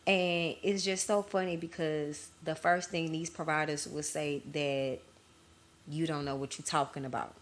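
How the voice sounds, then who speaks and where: A woman's voice: deep voice, fairly even intonation, measured pace. A woman hosting her own podcast, telling her story candidly in casual chat to her listeners. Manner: candid, conversational, addresses listeners as y'all. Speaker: podcast host.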